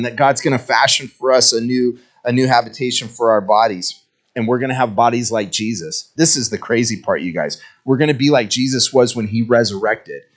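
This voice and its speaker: A middle-aged man, a pastor, giving a relaxed, conversational sermon, joking and asking his congregation questions. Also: mid-range voice. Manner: chatty, jokey, asks the congregation questions.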